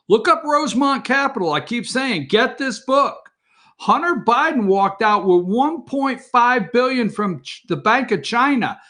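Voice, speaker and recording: A man hosting a morning show, giving casual political commentary in an excitable way and calling cues to his producer. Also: very high voice. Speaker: host.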